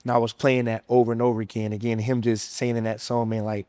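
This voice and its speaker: A man's voice: mid-range voice, level tone, quick pace, warm tone, no echo. Earnest young man telling his story. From United States. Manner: informal, frequent fillers like "man" and "you know", earnest. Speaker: former college football player sharing testimony. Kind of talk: personal faith testimony, casual storytelling.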